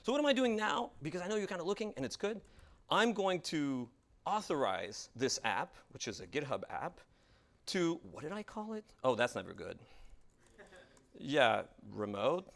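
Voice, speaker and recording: A man talks an audience through a live coding demo, thinking out loud and poking fun at his own mistakes. His voice has a gravelly edge and swings up and down in pitch as he talks. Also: very animated, normal speed. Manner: rambling, self-deprecating, thinks aloud while typing. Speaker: presenter giving a tech talk. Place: meetup room in front of an audience.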